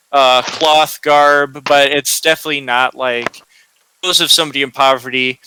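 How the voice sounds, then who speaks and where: A man's voice: fairly high pitch, bright, forceful tone, clean tone, dry recording, rough recording. A man narrating a tabletop game as game master, hesitant with many fillers.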